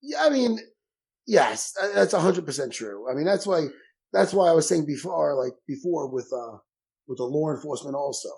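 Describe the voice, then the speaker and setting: A man's voice: on the high side, normal speed, creaky, poor audio. A man, a jiu-jitsu instructor, talking bluntly and profanely in a casual podcast chat. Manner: blunt, profane, animated storytelling.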